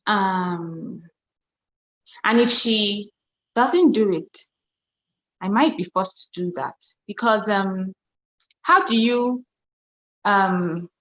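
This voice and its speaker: Woman panelist, slow and hesitant, heard in a roomy echo. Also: mid-range voice, a bit bright. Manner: thoughtful, hesitant. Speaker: panel guest. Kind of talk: giving an opinion on a talk show.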